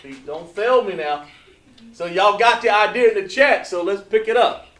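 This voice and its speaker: A man teaching an online language class, patient and repetitive, drawing out words slowly to model pronunciation. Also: sits high, expressive, fairly bright tone, distant mic, slight background noise. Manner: patient, repeats points, drawn-out slow pronunciations. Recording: echoey room, voice away from mic.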